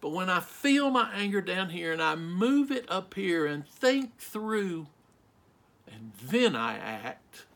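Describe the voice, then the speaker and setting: A middle-aged man delivers a sermon in a notably high voice. He speaks slowly and with emphasis, leaning on rhetorical questions to draw his listeners in. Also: sing-song, vocal fry, a bit bright. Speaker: pastor.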